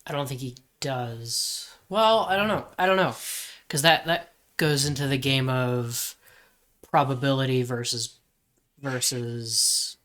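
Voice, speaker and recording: A man's voice: medium pitch, a little slow, a bit bright. A man in his twenties co-hosting a podcast, thinking aloud in a hesitant way. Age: 20s. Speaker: podcast co-host. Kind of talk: casual brainstorming chat.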